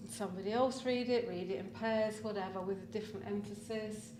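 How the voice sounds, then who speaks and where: A woman's voice: medium pitch, steady tone, brisk, hardly any pauses. Woman lecturing in a roomy hall. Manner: practical, gives step-by-step tasks to the audience. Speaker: teacher-education lecturer leading a workshop. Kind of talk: conference workshop talk. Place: large conference room. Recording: roomy distant recording with background noise.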